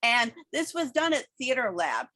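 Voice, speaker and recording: A woman's voice: high voice, very animated, moderate pace, bright, forceful tone. A woman hosting a theater show, reviewing a play and interviewing a guest in an enthusiastic, gushing way.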